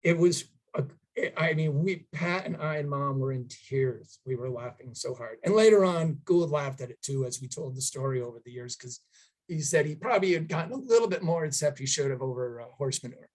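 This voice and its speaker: A middle-aged man shares a family story at a tribute gathering, his voice a touch high for a man. He talks in a halting, heartfelt way, with many pauses and fillers, and sounds emotional throughout. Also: animated, darkish tone, rough recording. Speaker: son giving a memorial tribute.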